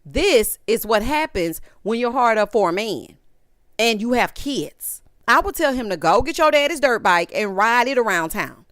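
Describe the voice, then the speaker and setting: A woman's voice: fairly high pitch, expressive, normal speed, fairly bright tone, dry recording, studio quality. Sassy woman recapping reality TV. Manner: sassy, exasperated, quotes people in voices. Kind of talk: casual commentary recap.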